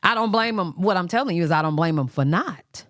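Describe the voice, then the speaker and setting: Man, casual storytelling host, lively swinging pitch, dry close sound. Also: brisk, no room sound. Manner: animated, acts out quoted voices in high pitch.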